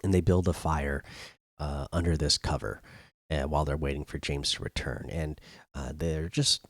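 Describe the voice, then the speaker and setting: A man with a low voice recaps an episode in a loose, chatty way, leaning on fillers and restarting his sentences. The sound is close and dry, with no room echo. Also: steady tone, normal speed. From not British. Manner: loose, filler-heavy retelling. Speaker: host. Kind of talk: casual spoken recap.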